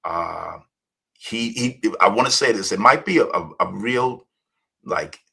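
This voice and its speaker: Middle-aged American male guest, bright edgy tone, meandering anecdotal delivery. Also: lowish voice, unhurried, vocal fry, husky, rough recording. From United States. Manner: rambling, many fillers and restarts. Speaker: guest, hip-hop journalist. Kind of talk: storytelling interview.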